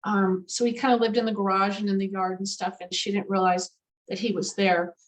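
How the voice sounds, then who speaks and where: A woman, a guest animal communicator, telling a story in an interview in an emphatic, lively way with many fillers. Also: medium pitch, brisk, rough recording.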